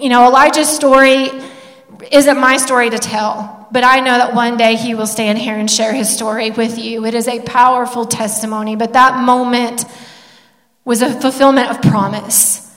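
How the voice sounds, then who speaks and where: A middle-aged woman sharing an emotional family testimony from the pulpit as part of a sermon, telling the story with feeling. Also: sits high. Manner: emotional storytelling, animated when quoting. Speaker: pastor's wife sharing a testimony. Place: church sanctuary. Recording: long hall reverb.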